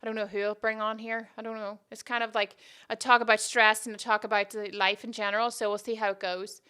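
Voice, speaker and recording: Woman podcast host, casual rambling chat, high-ish voice, sharp bright tone. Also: flat delivery, quick pace, clear, resonant tone. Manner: rambling, goes off on tangents; chatty and self-deprecating.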